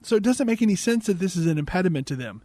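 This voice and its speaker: A man's voice: high-pitched, lively intonation, rapid-fire, mellow, no room sound, clean studio sound. A man hosting a podcast, giving a casual, sarcastic and exasperated movie recap. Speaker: podcast host.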